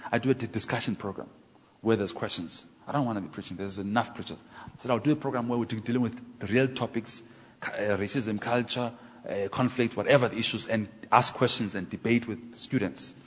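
A man preaching a sermon as a minister, animated, building up to emphatic points. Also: fairly low pitch, a little fast, slightly rough. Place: church hall. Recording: long hall reverb.

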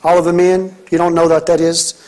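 High-voiced man preaching a fervent sermon. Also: flat delivery, fairly quick, warm tone, rough recording. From Mississippi. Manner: preaching with emphatic, rhythmic repetition. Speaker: pastor.

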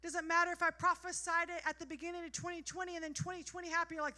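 A woman preacher delivering a sermon, moving from quiet storytelling to passionate, shouted exhortation. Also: very high voice, little pitch movement, racing.

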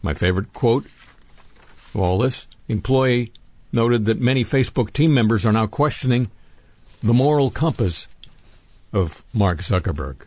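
A man's voice: mid-range voice, expressive, moderate pace, long pauses, darkish tone, slightly rough, dry recording. A man hosting a radio show, reading odd news items aloud and adding dry, sardonic asides between them. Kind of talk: wry news commentary.

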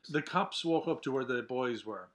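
A man's voice: mid-range voice, animated, moderate pace, a bit bright. Hesitant man reading a script. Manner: hesitant, with ums. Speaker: script reader.

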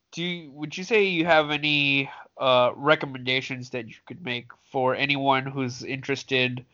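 A man's voice: mid-range voice, flat delivery, normal speed, bright, forceful tone. A man co-hosting a podcast in casual chat, dry and wry with mock-formal phrasing. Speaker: podcast co-host. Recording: dull lo-fi sound.

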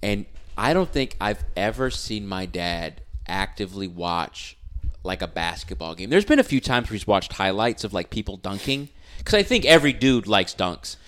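A man's voice: lowish voice, moderate pace. A man telling stories in a casual sports chat, acting out what others said. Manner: animated storyteller, acts out quotes.

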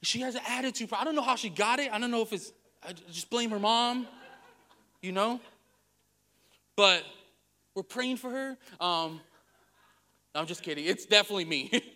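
A male pastor preaching a sermon, candid and self-deprecating, who tells stories with animated swings in his voice and laughs at himself. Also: high-pitched, normal speed, pauses often. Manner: storytelling with animated vocal swings.

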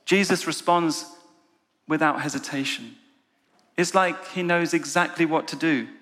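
A man's voice: fairly high pitch, a bit bright. A man preaching a sermon to a room of listeners, leading them through an imagined story and asking them questions. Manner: storytelling, inviting the audience. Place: church meeting room with an audience. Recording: long hall reverb.

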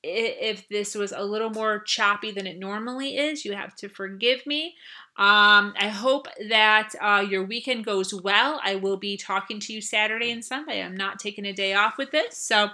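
A woman hosting a self-help podcast with a bright, forward tone, talking straight to her listeners. She slips into short acted-out exchanges in a cheery voice to make her point. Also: a little high. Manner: acts out dialogue in a cheery voice. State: has a headache. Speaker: podcast host. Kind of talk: self-help advice talk.

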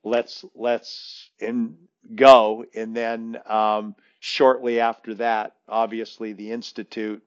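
A man's voice: fairly low pitch, monotone, slow pace, hardly any pauses, clean tone, lo-fi sound. A man who coaches basketball, telling a long story in casual chat, rambling with many restarts and fillers.

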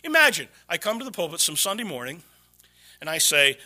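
A man pastor preaching a sermon in a church, dramatically shifting between hushed, low-spoken asides and loud, raised exclamations. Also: sing-song, a little fast.

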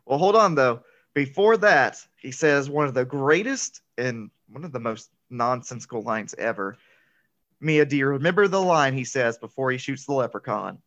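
A man's voice: mid-range voice, animated, normal speed, fairly bright tone. Chatty man recapping a movie, lo-fi. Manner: chatty, laughs often, filler-heavy. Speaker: podcast host. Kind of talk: casual movie recap chat.

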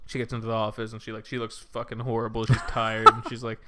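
A man's voice: lowish voice, completely flat delivery, fast, pushed and bright. Man spinning a rambling story. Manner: rambling, acts out characters' lines, swears and laughs. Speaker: podcast co-host. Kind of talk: casual podcast storytelling.

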